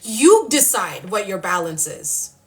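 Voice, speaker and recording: A woman's voice: medium pitch, big pitch swings, takes it slowly. A woman giving card-reading spiritual guidance live, emphatic and outspoken, leading affirmations and swearing freely. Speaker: spiritual channel and card reader.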